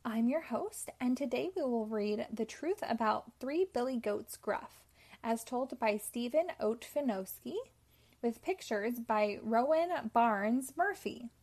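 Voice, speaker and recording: A woman's voice: a little high, takes it slowly, darkish tone. Woman host of a children's storytime. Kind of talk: reading a picture book aloud.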